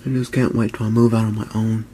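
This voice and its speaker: A man in his early twenties, talking low and often whispering in a halting vlog at home, with many restarts. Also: flat delivery, mellow, slight background noise. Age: 20s. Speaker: YouTuber. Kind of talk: hushed vlog talk. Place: at home, indoors.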